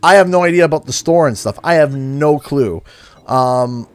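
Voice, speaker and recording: A Canadian man casually chats while live-streaming a video game, in a fairly high voice with lively intonation, normal speed, and no echo. When he complains, he turns playfully exaggerated and sing-song.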